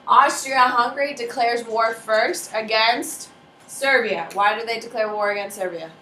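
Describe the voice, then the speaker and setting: A woman's voice: fairly high pitch, measured pace, sharp tone, slight background noise. A woman teaching a history class in a casual, joking way, quizzing students by name and acting out countries in funny voices. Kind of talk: classroom lecture. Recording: echoey classroom from far off with faint ambience.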